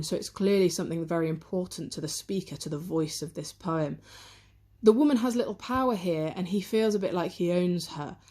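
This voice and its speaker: Teacher lady going through a poem line by line, lowish voice, analytical, filming on a handheld camera. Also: moderate pace, dark tone. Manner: analytical, explains close reading, reads quotes aloud. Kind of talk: revision lesson on a poem.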